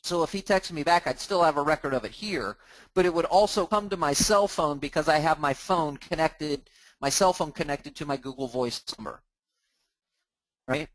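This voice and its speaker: Male training host, slightly high voice, dry close sound; casual screen-share walkthrough with frequent restarts. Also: normal speed, fairly bright tone, no room sound, rough recording. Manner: casual, narrates his clicks, often restarts words. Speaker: host of a mortgage training group.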